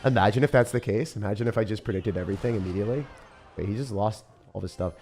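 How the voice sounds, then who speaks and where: A young man giving casual, excitable gameplay commentary, often breaking into disbelief and calling the listener dude or bro. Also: lowish voice, quick pace. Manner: excitable, frequent disbelief outbursts, calls viewers dude and bro. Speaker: gaming creator.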